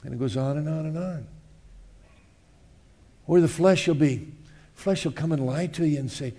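A man preaching to his congregation in an easy, casual manner. His delivery swings between loud, raised passages and quiet, hushed asides, and he asks the room questions along the way. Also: fairly high pitch, moderate pace, long pauses. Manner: animated, swings from loud to hushed, acts out voices. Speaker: pastor. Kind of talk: sermon.

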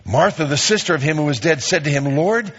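A man preaching a sermon, reading scripture aloud and stressing key phrases with lively emphasis. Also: on the high side, fast talker, breathy edge, highs cut off. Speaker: pastor.

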